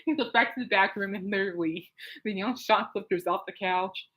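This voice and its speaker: A woman hosts her own podcast alone at home late at night. She rambles through a story with lots of fillers and asides, getting excitable as she goes. Her pitch sits right in the middle for a woman. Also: brisk, poor audio. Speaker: podcast host. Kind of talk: casual rambling monologue.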